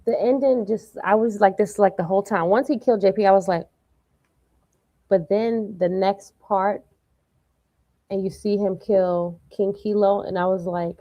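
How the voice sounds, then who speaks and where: A woman's voice: mid-range voice, fairly even intonation, unhurried, dark tone, no room sound. A woman co-hosting a TV review show, giving blunt, reactive comments in casual chat.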